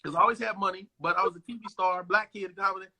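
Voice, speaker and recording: A man guest in a casual interview, telling stories in a profane, animated way and acting out what others said, over a phone video call. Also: high voice, rapid-fire. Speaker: actor guest.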